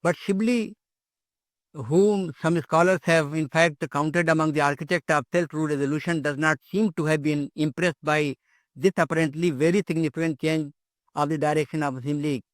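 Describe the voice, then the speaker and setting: A man's voice: a little high, fairly even intonation, moderate pace, no echo. An older man giving an academic lecture, hesitant, with many fillers and repeated words.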